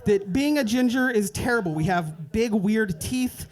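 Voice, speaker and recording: A young man doing a stand-up set at an open mic night, telling a rambling story and dropping into quick voices for the people in it. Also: high-pitched, expressive. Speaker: stand-up comedian. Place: open mic comedy club.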